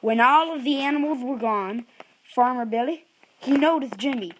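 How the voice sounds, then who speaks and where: A woman with a fairly high voice makes up a farm story on the spot. She rambles, stops to puzzle over names, and corrects herself as she goes. There is a faint hiss behind her. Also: moderate pace, poor audio. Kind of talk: improvised storytelling for a puppet app.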